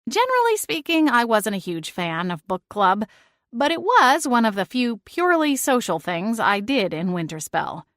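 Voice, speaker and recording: A woman's voice: on the high side, big pitch swings, normal speed, fairly bright tone, dry recording, studio quality. A woman narrating a cozy first-person audiobook, reading expressively and acting out exasperated dialogue.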